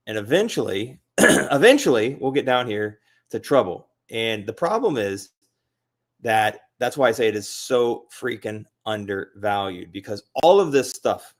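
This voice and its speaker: Excitable man rambling over a screen share. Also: fairly low pitch, slow pace. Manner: excitable, rambling, frequent fillers and repeats. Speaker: crypto video host. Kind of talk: casual screen-share commentary.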